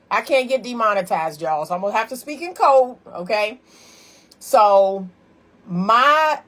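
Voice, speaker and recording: Woman, relationship advice host, casual live-stream chat, frank, chatty, laughing asides, mid-pitched.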